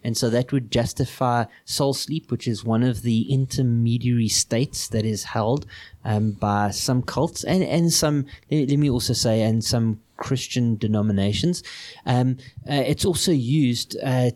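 A man hosting a casual discussion of scripture. He talks in an animated way and keeps restarting his phrases. His voice sits at an ordinary pitch for a man. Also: a little slow. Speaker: host of a Christian discussion podcast.

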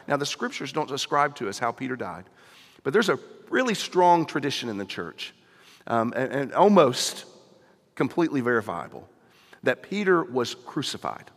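A man's voice: mid-range voice, big pitch swings, normal speed, fairly bright tone. Man preaching a conversational sermon in a reverberant hall. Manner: conversational storytelling, acting out dialogue. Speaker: pastor.

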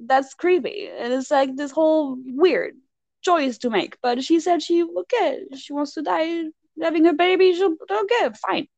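A woman retelling a movie plot in a casual chat, swinging her voice up and down as she mocks the characters. She sounds exasperated and lively. The recording is close and dry. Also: sits high, measured pace, creaky, no room sound, lo-fi sound. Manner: animated, exasperated storytelling with mocking voices. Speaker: podcast co-host recapping a film.

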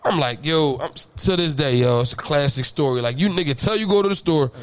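A man telling stories in a casual chat, animated, with loud high bursts and low mutters, laughing often. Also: fairly quick. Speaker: podcast co-host.

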